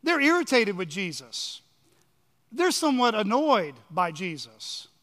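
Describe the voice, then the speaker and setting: High-voiced preacher in a reverberant hall. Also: male voice, sing-song, pushed and bright. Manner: emphatic preaching with dramatic pauses and sudden drops in volume. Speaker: pastor. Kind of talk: sermon. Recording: long reverb of a large hall.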